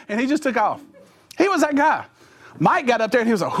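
Animated preacher man. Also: high voice, fairly quick, husky. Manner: animated storytelling with voiced sound effects and impressions. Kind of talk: sermon to teenagers.

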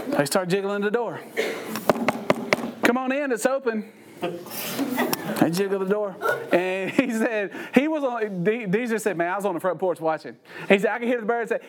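An older man, preaching through lively, folksy personal stories. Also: high voice. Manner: animated, folksy storytelling with laughs. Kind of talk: storytelling sermon.

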